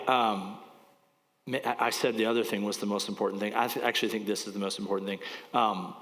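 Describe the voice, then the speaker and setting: Conversational pastor in a reverberant hall. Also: male voice, on the low side, a bit bright. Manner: casual, rambling, gets emotional. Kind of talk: sermon, conversational teaching. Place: church. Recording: church hall with long reverb.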